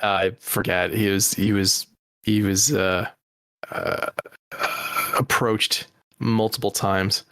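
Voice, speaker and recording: A man hosting a casual comedy podcast, easygoing and quick to laugh. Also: lowish voice, fairly even intonation, creaky, fairly bright tone, no echo, clean studio sound. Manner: laid-back, laughing, steering the talk. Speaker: podcast host.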